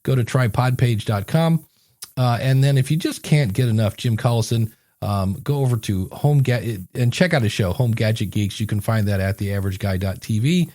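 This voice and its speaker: A man's voice: medium pitch, normal speed, warm tone, no echo, studio quality. A man co-hosting a podcast, chatting casually and telling rambling stories in which he acts out the people he quotes. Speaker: podcast co-host and coach. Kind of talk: casual podcast chat with sponsor reads.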